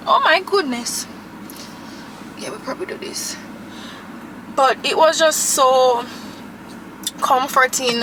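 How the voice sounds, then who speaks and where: A woman's voice: high voice, background noise. A young woman, chatting and gushing to camera as a vlogger from her car. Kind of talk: casual chat to camera.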